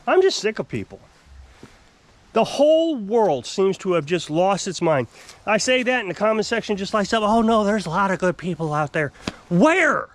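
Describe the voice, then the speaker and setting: A man telling a vlog story as an off-grid homesteader, ranting in an aggravated way about a neighbor. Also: sits high. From United States. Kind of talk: casual vlog rant.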